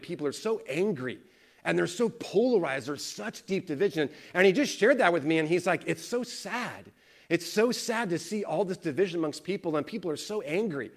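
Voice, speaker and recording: A man preaching a sermon, telling stories animatedly and acting out the voices of the people in them. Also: a little high. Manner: animated storyteller, acts out quoted voices. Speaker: pastor. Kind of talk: sermon with storytelling.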